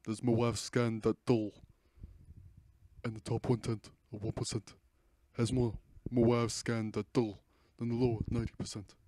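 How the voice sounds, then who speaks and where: A teenage man putting on the voice of a gruff older male politician giving a stump speech. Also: mid-range voice, little pitch movement, unhurried, mellow, dry recording, lightly acted. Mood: preachy.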